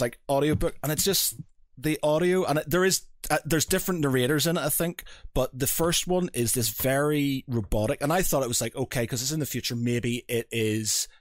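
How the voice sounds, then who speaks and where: A man's voice: mid-range voice, fairly quick, dry recording, clean studio sound. A man hosting a podcast, rambling and hesitant as he searches for his words. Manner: rambling, hesitant, many fillers and restarts. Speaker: podcast host. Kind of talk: casual podcast chat.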